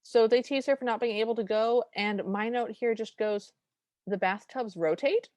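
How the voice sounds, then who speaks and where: A woman's voice: fairly high pitch, moderate pace, darkish tone, no room sound. A woman co-hosting a podcast, chatting casually and enthusiastically while recapping a film scene by scene. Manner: enthusiastic, retells scenes with acted quotes. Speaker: podcast co-host.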